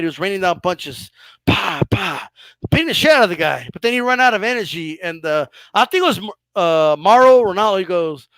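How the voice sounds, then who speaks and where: A man with a very high, sharp voice hosts a boxing commentary rant, mocking and profane. His pitch leaps around constantly. The sound is close and dry, with no room in it. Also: no echo. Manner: animated, profane, mocking, frequent laughs and "bro". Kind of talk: casual ranting commentary.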